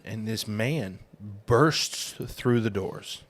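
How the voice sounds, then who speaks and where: A man co-hosting a casual podcast, telling a story in a relaxed, halting way. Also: fairly low pitch. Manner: telling a story with fillers and restarts. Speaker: podcast co-host.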